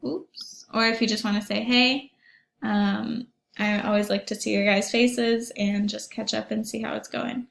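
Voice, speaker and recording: A young woman teacher walks her pupils through a website in a recorded online lesson. She sounds chatty and upbeat, and her voice has a gravelly edge. The room around her is echoey. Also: a little high, fairly even intonation, unhurried, fairly bright tone. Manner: chatty, upbeat, many ums, asides to pupils. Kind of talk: recorded online class walkthrough.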